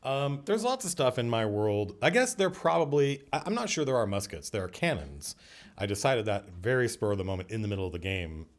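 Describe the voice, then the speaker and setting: A man's voice: fairly low pitch, sing-song, fairly quick. A man hosting a casual livestream as game master, thinking aloud as he answers viewer questions and talks to his cat.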